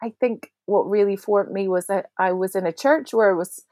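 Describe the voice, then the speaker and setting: Heard on a dry recording, a woman in her forties from Northern Ireland speaks at a medium pitch and normal speed, her tone somewhat dark. A prayer ministry leader guesting on a faith podcast, she chats reflectively with plenty of fillers and restarts.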